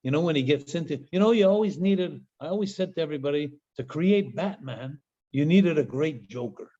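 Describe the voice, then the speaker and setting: A man telling stories as an interview guest, animated, laughing often and repeating words. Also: a little high, fairly quick. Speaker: guest, former pro wrestler. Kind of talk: casual interview storytelling. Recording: dull lo-fi sound.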